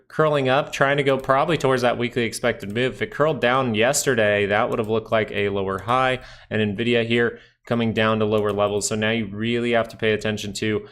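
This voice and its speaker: Gravelly low-voiced man reading charts. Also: fairly bright tone. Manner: casual, thinking aloud over charts. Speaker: stock market streamer. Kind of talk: live stock chart commentary.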